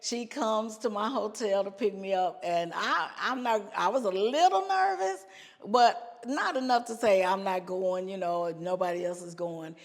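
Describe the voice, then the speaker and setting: A woman guest on a podcast tells personal stories with animated energy and frequent laughter. Her voice sits at a middle pitch. A long hall reverb hangs behind her voice. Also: moderate pace, creaky. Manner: animated storyteller, laughs often, says "y'all". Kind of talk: personal storytelling.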